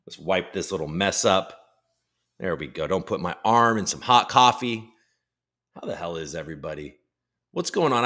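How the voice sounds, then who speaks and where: A man's voice: medium pitch, pushed and bright. Tired, rambling male stream host. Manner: loose, rambling, reads chat aloud. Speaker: podcast host. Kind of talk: casual live-stream chat.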